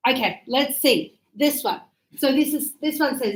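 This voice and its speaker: A woman's voice: high-pitched, measured pace, low-quality recording. A woman teaching English grammar to a class, chatty and checking in with her students often.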